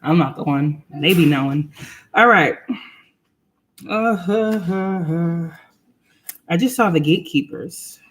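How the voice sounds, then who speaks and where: A woman's voice: on the low side, slow, pauses often, low-quality recording. A young woman, chatting on a home livestream as a spiritual reader and laughing as she talks to her kids. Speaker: spiritual reader and channel host. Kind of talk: casual livestream talk.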